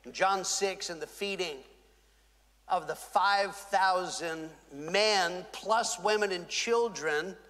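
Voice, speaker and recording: A man pastor preaching a sermon, with dramatic pauses and acted-out quotes. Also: high voice, fairly bright tone. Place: large church hall. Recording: reverberant church hall.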